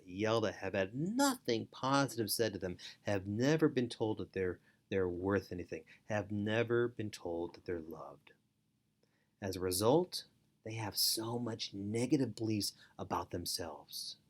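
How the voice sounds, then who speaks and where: A man's voice: fairly low pitch, a little mellow. A middle-aged man teaching parents in an earnest instructional talk, repeating key phrases for emphasis. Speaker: foster parent and parenting educator.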